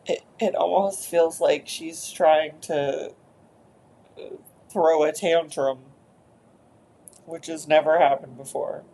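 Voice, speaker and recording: Woman therapist talking thru an inner session, slow, hesitant, lots of fillers, gravelly. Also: low-pitched, steady tone, a little hiss or hum. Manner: hesitant, soft-spoken, with fillers.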